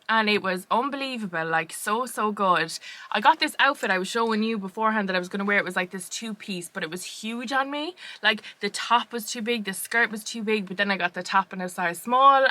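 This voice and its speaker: A woman's voice: medium pitch, pushed and bright. A young Irish woman co-hosting a podcast, telling a long story in a rambling, chatty way full of fillers. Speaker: podcast co-host. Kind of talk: casual chat.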